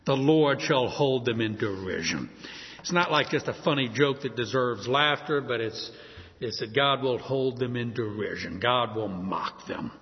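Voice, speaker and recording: A man's voice: mid-range voice, measured pace, husky. A man preaching a sermon, reading scripture aloud and explaining it verse by verse. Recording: echoey hall, dull lo-fi sound.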